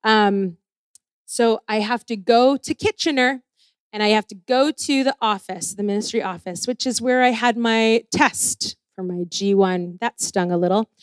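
A woman telling a personal story in an animated, self-deprecating way, acting out the people she quotes. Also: on the high side, a little slow, smooth, no echo, clean studio sound. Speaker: speaker sharing a personal testimony.

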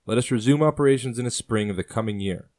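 A man's voice: mid-range voice, fast talker, darkish tone, voice pushed up, lightly acted. A man voicing an older male colonial rebel leader who speaks sternly and lectures with passion. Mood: grave.

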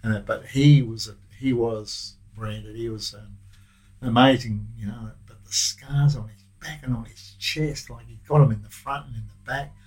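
An older Australian man reminiscing in a loose, rambling way, full of slang and false starts. His voice sits at an ordinary middle pitch, and he talks like a former officer recalling old days. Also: normal speed, darkish tone, rough recording. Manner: rambling, anecdotal, with slang and restarts. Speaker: former prison officer, guest. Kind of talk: casual interview storytelling.

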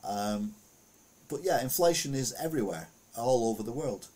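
Guy going through the news, ums and uhs, keeps correcting himself, middle-pitched voice. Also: animated, moderate pace, dark tone. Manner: reads headlines aloud then adds rambling, self-correcting asides with many fillers. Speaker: news commentary host. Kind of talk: casual commentary on news headlines.

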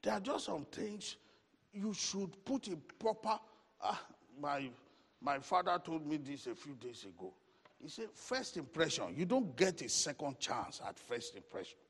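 A man teaching a Bible study in a lively preaching manner, with rising exclamations and playful asides. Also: a little high, unhurried, vocal fry, breathy edge, big-room sound.

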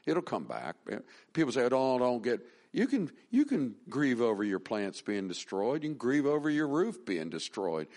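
Folksy middle-aged pastor preaching. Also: male voice, mid-range voice. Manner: conversational, folksy, with restarts and rising emphasis. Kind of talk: sermon.

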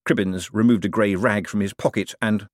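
Man narrating an audiobook, lowish voice, very expressive, dry close sound. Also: normal speed, no echo.

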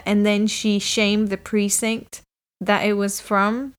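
A woman's voice: mid-range voice, level tone, slow pace, a little hiss or hum. Give me an enthusiastic woman telling a story in casual chat.

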